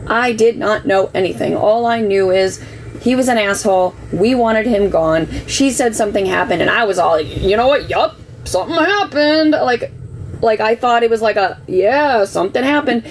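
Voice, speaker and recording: A woman's voice: medium pitch, moderate pace, gravelly, darkish tone, a little hiss or hum, rough recording. A middle-aged woman telling a personal story on a livestream, earnest and defensive, getting worked up as she talks. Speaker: livestream host. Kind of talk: emotional personal account.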